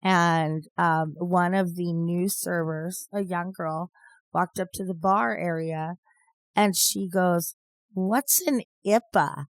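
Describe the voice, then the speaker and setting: Slow-talking woman in her fifties. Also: lowish voice, fairly even intonation, no echo. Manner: rambling, storytelling, laughs often. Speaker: podcast co-host. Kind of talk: casual chat.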